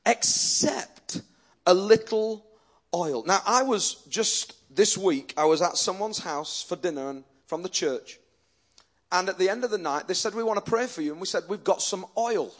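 A man with a fairly high voice preaches a sermon with earnest emphasis, stopping and restarting his sentences as he goes. He speaks as a pastor addressing his congregation. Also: moderate pace, fairly bright tone.

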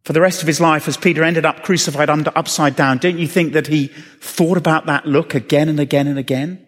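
A man's voice: a little high, fairly even intonation, a little fast, fairly bright tone. A man preaching a sermon, earnestly asking questions and repeating phrases for emphasis. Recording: long reverb of a hall.

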